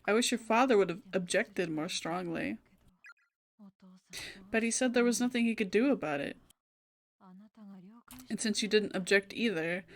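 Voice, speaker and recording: A woman's voice: mid-range voice, close to an everyday voice. A woman voicing a worried middle-aged mother who frets and grumbles, reading game dialogue aloud on a stream. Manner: scolding and anxious.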